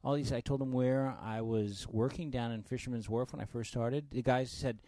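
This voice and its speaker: A man, a stand-up comedian, telling stories in a podcast chat with heavy swearing and loud acted-out quotes. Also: medium pitch, moderate pace, no echo. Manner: animated, profane, acts out quotes loudly.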